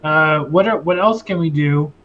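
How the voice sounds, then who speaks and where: A man doing a gruff, worried farmer. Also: fairly high pitch, normal speed, highs cut off, over music, close to an everyday voice. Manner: anxious, rambling questions.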